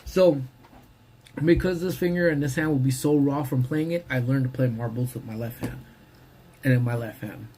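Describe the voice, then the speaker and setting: A man casually chatting on a live stream from his parked car during lunch, slangy and relaxed, greeting viewers as he eats. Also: medium pitch, moderate pace, a little hiss or hum. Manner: laid-back, slangy, greets viewers by name. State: talking while eating.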